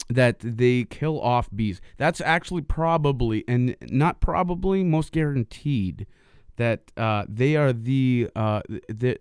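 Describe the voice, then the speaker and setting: A man's voice: fairly low pitch, darkish tone, smooth, no room sound, studio quality. A man co-hosting a casual podcast, rambling with lots of ums and uhs. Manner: rambling, filler-heavy, laughs easily. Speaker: podcast co-host.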